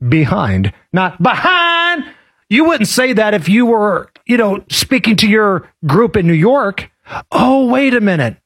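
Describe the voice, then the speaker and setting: A man's voice: high-pitched, lively intonation, unhurried, breathy edge. A man co-hosting a political talk radio show, sarcastic and mocking, playing clips and riffing on them. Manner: sarcastic, does exaggerated impressions.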